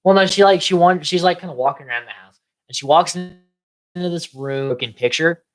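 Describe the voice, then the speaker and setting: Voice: mid-range voice, a little fast, poor audio. A co-host of a casual movie review podcast, ranting with casual swearing.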